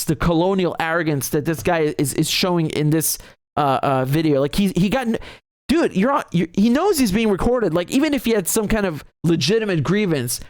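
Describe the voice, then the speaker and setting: A man's voice: high voice, dry recording, clean studio sound. A man giving heated, emphatic political commentary on a video clip, laughing often. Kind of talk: reaction commentary.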